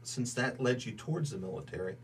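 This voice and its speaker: A man interviewing for an oral history project, speaking quietly as he leads into the next questions. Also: mid-range voice, animated, brisk, distant mic, slight background noise.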